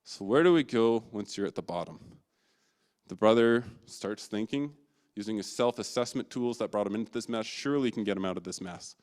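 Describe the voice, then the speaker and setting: A man's voice: fairly low pitch, fairly quick, a little mellow. A man preaching a sermon in a casual, storytelling way, acting out the scenes himself. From England.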